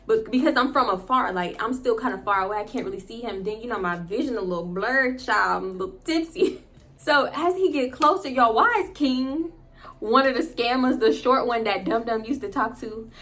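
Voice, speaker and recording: A woman vlogger telling a personal story in a casual, animated way, often turning to her viewers and laughing. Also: a little high, a little fast.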